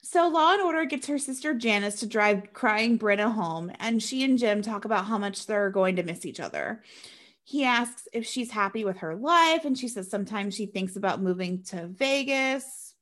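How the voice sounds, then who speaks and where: A woman co-hosting a casual podcast, recapping a movie plot in a chatty, animated way with sarcastic asides. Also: medium pitch, normal speed. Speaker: podcast co-host recapping a film. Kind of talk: casual chat.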